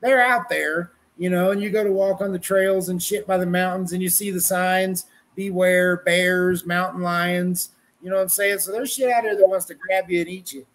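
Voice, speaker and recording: A man's voice: high-pitched, steady tone, normal speed. A middle-aged man from Colorado, a wrestling journalist, chatting on a podcast in a rambling, folksy, profane way. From Colorado, USA. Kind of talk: casual podcast chat.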